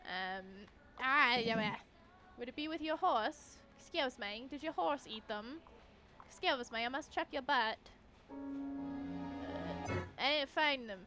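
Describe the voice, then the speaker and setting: Chatty high-voiced woman streamer. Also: lively intonation, takes it slowly, pauses often. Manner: chatty, giggly, talks to her horse. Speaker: game streamer. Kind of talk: casual gameplay chat. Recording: faint game music behind.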